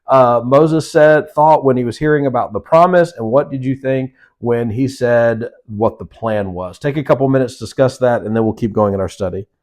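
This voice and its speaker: A man with a medium-pitched, darkish voice teaches a Sunday School Bible study lesson conversationally. He acts out quoted voices and frequently stops to restart or correct himself.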